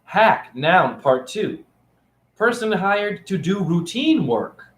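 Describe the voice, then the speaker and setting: A man's voice: high voice, very animated, takes it slowly, reverberant. A man in a rambling, playful, preachy teaching monologue, filmed on his phone. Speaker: spiritual teacher. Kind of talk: casual teaching monologue to camera. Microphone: phone camera.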